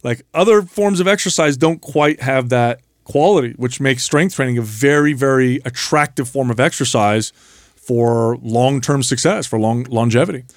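A man co-hosts a fitness podcast on a close studio mic. His voice sits at a middling pitch, and the sound is dry with no room echo. He lays out his points patiently and leans on key words. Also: normal speed. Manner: explains and retells stories with emphasis. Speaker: podcast co-host. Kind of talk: casual fitness podcast talk.

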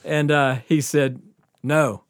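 A man's voice: on the high side, normal speed. Man telling a wild story with laughs. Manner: swearing, laughing often, animated. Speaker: podcast host. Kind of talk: casual storytelling.

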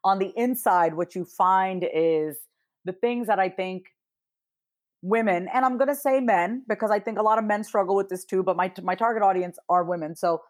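A woman in her thirties, a therapist and podcast guest, telling stories in casual interview chat and acting out quoted lines with lively swings. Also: mid-range voice, moderate pace. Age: 30s. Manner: animated storyteller who acts out quoted dialogue, swears casually.

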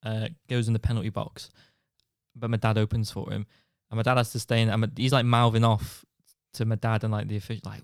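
A man's voice: lowish voice, level tone, quick pace, no room sound, studio quality. A man, a podcast co-host telling long funny anecdotes in casual chat, swearing freely. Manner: storytelling anecdotes with swearing and laughs.

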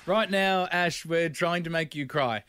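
A man's voice: a little high, measured pace, a bit bright, smooth, no echo. A man hosting a radio show, playful and eager, often laughing. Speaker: radio host. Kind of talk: lively radio chat.

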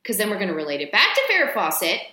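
A woman's voice: medium pitch, sing-song, rapid-fire, sharp tone. A woman co-hosting a podcast in casual chat, talking freely with lots of swearing and wandering off on tangents. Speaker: podcast co-host. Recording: echoey room.

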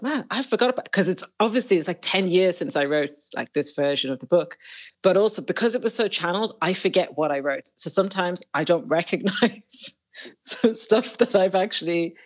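Woman with muffled lo-fi sound. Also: fairly low pitch. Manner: rambling, lots of fillers and restarts. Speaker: author and podcaster, guest. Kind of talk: casual interview talk.

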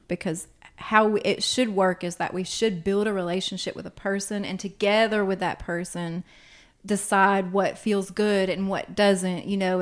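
A woman who counsels teens, talking frankly and with animation in casual podcast chat, with laughing asides. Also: medium pitch.

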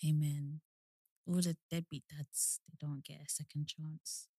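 Young woman, podcast co-host, low-ish voice, dry close mic, lively storyteller. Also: measured pace, slightly rough, dry recording. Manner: animated, repeats herself, acts out quotes in higher voice. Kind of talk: casual chat.

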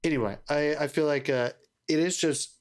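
A man's voice: a little high, moderate pace. A man co-hosting a podcast, debating movies in an enthusiastic, rambling and profane way. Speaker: podcast co-host.

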